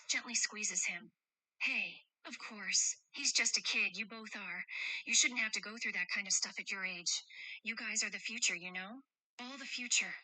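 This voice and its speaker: A woman voicing a caring adult who protects two children, speaking gently and teasingly and reading the stage directions aloud in a chat role-play. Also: medium pitch, dry recording, rough recording.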